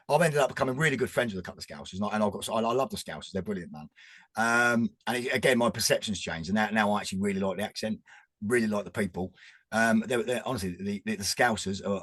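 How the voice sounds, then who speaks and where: A man in his forties, a guest chatting casually, rambling and animated with frequent restarts. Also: on the low side, breathy edge, dry recording. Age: 40s. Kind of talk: casual chat.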